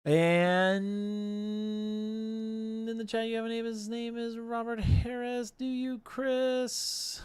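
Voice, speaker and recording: Guy hosting a stream giveaway, yells names out, kinda slow talker, clean voice. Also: very high voice, flat delivery, smooth, no echo. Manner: calls out names loudly, joking. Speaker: livestream giveaway host. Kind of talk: casual livestream chat.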